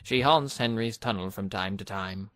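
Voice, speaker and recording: A man voicing a calm, wise old male engine who tells a tale in a measured way in a storybook reading. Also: on the low side, no room sound, natural voice.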